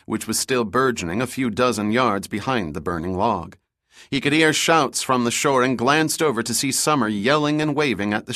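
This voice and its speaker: A male audiobook narrator reading a thriller in a steady, measured way. His voice sits in a middling pitch. The recording is dry and close, with no room sound. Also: no echo. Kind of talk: scripted narration.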